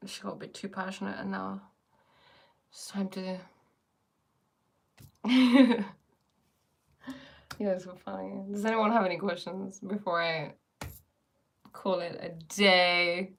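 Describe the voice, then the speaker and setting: A woman's voice: mid-range voice, fairly even intonation, takes it slowly, gravelly, long pauses. A woman teaching spiritual ideas in a casual live stream, playful and often laughing as she answers viewers.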